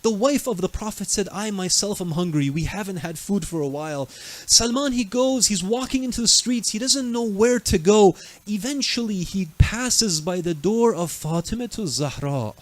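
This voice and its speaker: A man's voice: high-pitched, moderate pace. A male preacher telling a religious story in a night sermon, dramatic, acting out the people he quotes. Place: mosque.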